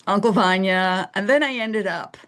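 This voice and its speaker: A middle-aged woman from England talks as an interview guest in a mid-range voice. She tells lively stories, laughs often, and slips into other people's voices as she goes. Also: medium pitch, moderate pace. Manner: animated storyteller, laughs often, acts out voices. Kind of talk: casual interview storytelling.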